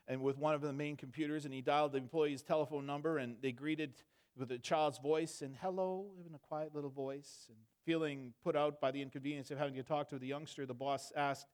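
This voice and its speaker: A man in his thirties preaching a sermon, moving between quiet storytelling and fervent emphatic preaching. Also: mid-range voice, steady tone, a little fast. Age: 30s.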